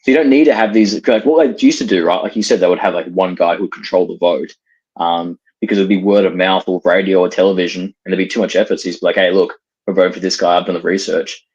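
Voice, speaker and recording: A man in a heated casual debate, halting and restarting often with lots of "like". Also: low-pitched, steady tone, a little mellow, slightly rough, lo-fi sound. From Australia.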